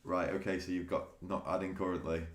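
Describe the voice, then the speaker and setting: A man's voice: low-pitched, little pitch movement, fairly quick, reverberant. A man chatting casually with viewers on a live stream, laughing often and restarting his sentences. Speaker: day trading streamer.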